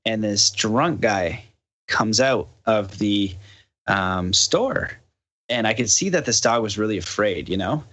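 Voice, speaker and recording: A man's voice: lowish voice, takes it slowly. A man, a podcast guest, telling a story in casual chat and animatedly acting out the dialogue. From Canada. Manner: animated, acts out quoted dialogue.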